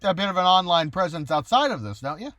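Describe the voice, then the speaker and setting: A man's voice: high-pitched, sing-song, quick pace, very noisy. A man hosting a casual video-call interview, joking and laughing often with his guests. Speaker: podcast host.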